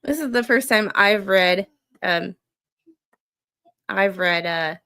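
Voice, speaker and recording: A laid-back woman hosts a late-night live stream from home, talking straight to her viewers in an easygoing way. She laughs easily and drifts from one tangent to the next. Her voice sits at an ordinary middle pitch. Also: slow pace, sharp tone, clear, resonant tone. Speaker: streamer hosting a live reaction show. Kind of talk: casual live-stream chat, reading stories and greeting viewers. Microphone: streaming microphone.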